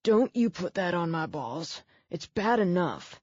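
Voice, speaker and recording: A woman reading the lines of a wry, pained man in a gruff, low-key voice. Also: big pitch swings, unhurried, darkish tone, no echo, dull audio. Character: injured wisecracking man, dry and wheezing.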